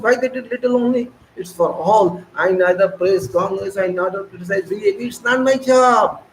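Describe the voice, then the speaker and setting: A man's voice: sits high, slight background noise, low-quality recording. A man with an Indian English accent delivering a scolding, repetitive political monologue. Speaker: political commentator. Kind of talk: ranting monologue.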